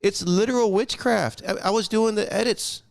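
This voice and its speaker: A man's voice: high-pitched, normal speed, creaky. A young adult man in casual chat on a podcast, telling stories bluntly with swearing and acting out the dialogue. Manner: blunt, profane, animated storyteller acting out dialogue. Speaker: podcast guest.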